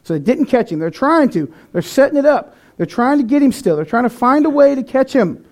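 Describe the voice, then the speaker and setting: A man's voice: very high-pitched, sing-song, brisk, a little mellow. A man preaching a sermon in an earnest, conversational way, with some restarts. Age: adult, past eighteen.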